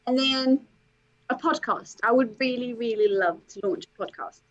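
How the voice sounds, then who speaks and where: A woman coach talking as an interview guest, emphatic and animated, peppering her talk with "okay" and "like". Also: a little high, normal speed, muffled recording.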